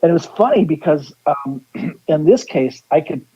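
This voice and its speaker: A man with a fairly high, breathy voice and lively intonation speaks at a normal pace over dull-sounding audio. Guesting as a psychic on a radio show, he tells a rambling story, restarting sentences and acting out the lines of the people in it.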